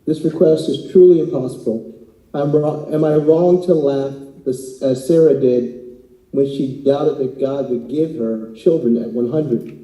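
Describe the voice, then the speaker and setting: A man's voice: medium pitch, a little slow, warm tone, echoey room, recorded from a distance, low-quality recording. A man in the congregation reading out a written prayer question.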